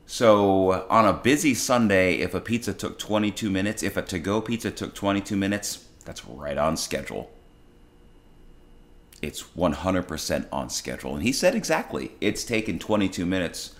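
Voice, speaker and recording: A man with a very deep voice tells a story in a casual monologue. His manner is blunt and exasperated, and he often restarts his sentences as he talks. He speaks as the host of his own show. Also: moderate pace. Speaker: podcast host and restaurant worker.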